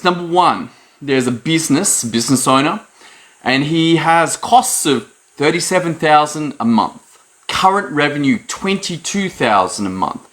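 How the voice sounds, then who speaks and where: A man giving a lively motivational talk to camera, leaping up in pitch to stress his points. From Australia. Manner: animated, jumps high in pitch for emphasis. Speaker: host.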